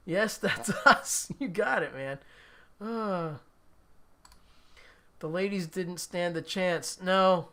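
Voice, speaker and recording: A man's voice: high-pitched, sing-song, extremely slow, pauses often, sharp tone. A man hosting a live stream in a casual chat, reading viewer comments aloud and laughing often. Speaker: livestream host.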